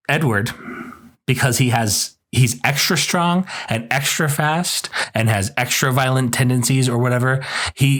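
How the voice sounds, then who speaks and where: A man hosting a podcast, giving a casual, opinionated book review in an indignant, emphatic way. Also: fairly bright tone. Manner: indignant, emphatic, voice jumps higher when worked up.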